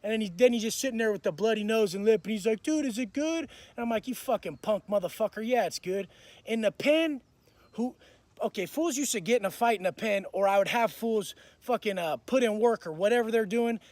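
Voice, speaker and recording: Tough-talking man, high voice, dry close sound, swears constantly, raw storyteller. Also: fairly quick, darkish tone, dry recording. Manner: blunt, profane, tough-talking. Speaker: motivational speaker. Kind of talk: profane storytelling monologue.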